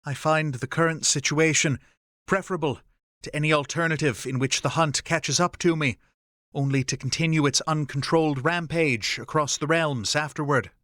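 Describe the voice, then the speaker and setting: A man voicing a calm, formal male Fae who sounds detached and distant. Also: a little high, no echo, studio quality, lightly acted. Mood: remote. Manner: measured, formal delivery.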